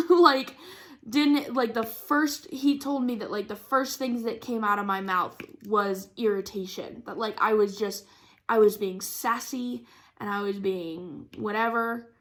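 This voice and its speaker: A woman's voice: mid-range voice, measured pace, fairly bright tone. A young woman chatting casually about her week while crafting, rambling with lots of fillers and frequent laughs. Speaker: craft vlogger.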